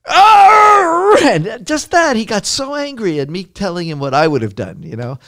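A man's voice: high voice, big pitch swings, moderate pace, dry recording, clean studio sound. A man telling a long story in an interview, rambling with many restarts and acting out what others said. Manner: rambling, many restarts, acts out quotes loudly. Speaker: interview guest recounting a story. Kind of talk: casual anecdote telling.

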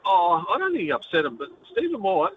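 A man's voice: high-pitched, huge pitch swings, fairly quick, slight background noise. A man with a New Zealand accent calling in to a radio show, rambling and laughing often. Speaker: caller. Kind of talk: casual phone-in chat. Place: in transit. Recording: dull phone line.

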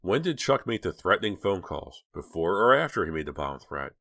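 A man's voice: sits low, sing-song, fairly quick, creaky, fairly bright tone, no room sound, studio quality, full character voice. A man voicing a sarcastic, doubting male police detective who questions hard. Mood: interrogating. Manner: sarcastic, interrogating.

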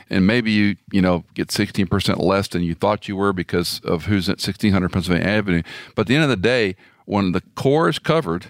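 Measured older man, low voice. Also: no echo, clean studio sound. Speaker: interviewer. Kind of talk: casual interview conversation.

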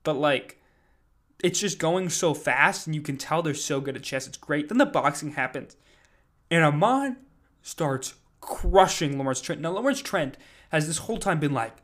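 A man's voice: fairly high pitch, animated, moderate pace, a bit bright. A man casually recapping a live event, rambling with lots of fillers and "like". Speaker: podcast host recapping an event.

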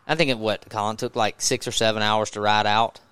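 A man with a Southern US accent, a podcast host telling a story in a casual, animated way, often restarting his sentences. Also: on the low side, fairly quick, clean tone, no room sound.

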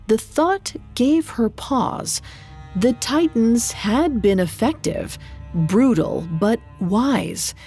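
A woman narrator reading a scripted myth in a measured, dramatic storytelling manner. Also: medium pitch, a little mellow. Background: faint music.

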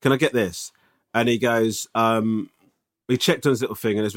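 A man, telling animated stories in a casual podcast chat and swinging into mock outrage. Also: lowish voice, normal speed.

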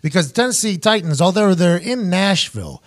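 A man in his thirties, a podcast host and former punter, telling stories in a loose, profane, animated way. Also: high voice, brisk. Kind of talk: casual storytelling chat.

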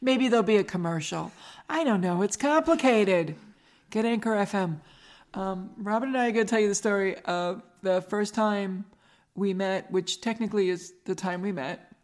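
A middle-aged woman with a regional American accent hosts a podcast, telling stories casually and laughing often. She speaks at a normal speed in a medium-pitched, darkish voice.

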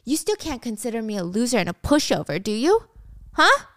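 A woman voicing an angry, desperate teenage boy who shouts accusations at his friend in a drama recap. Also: on the high side, very animated, fairly quick, no echo, clean studio sound. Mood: accusing. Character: furious, desperate teenage boy, a trapped mafia player.

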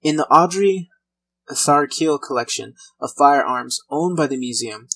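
A man's voice: a little high, measured pace, sharp tone, slightly rough, rough recording. Casual man narrating a true-crime history. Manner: conversational reading with light laughs and small restarts.

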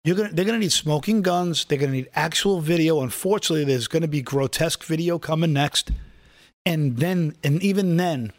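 A man's voice: fairly high pitch, a little fast. A man giving blunt, combative opinions as a guest on a political talk show. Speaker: guest commentator. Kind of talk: political commentary.

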